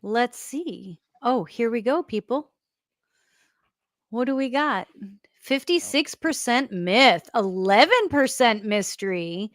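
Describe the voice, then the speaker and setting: A woman's voice: high voice, no echo, clean studio sound. A woman co-hosting a paranormal talk show, chatty and upbeat as she addresses viewers. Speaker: co-host. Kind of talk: casual panel chat.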